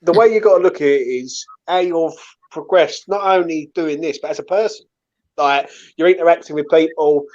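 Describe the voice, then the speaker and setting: Man, slightly high voice, casual repetitive pep talk, dull lo-fi call audio. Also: moderate pace, a little mellow. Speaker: guest on a live watchalong stream. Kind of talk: casual encouraging chat.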